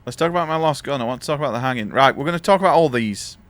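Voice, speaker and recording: A man's voice: medium pitch, animated, rapid-fire, fairly bright tone. A man streaming a video game live, joking, swearing freely and reading choices aloud. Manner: jokey, swears freely, laughs often. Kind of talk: casual live-stream gameplay commentary.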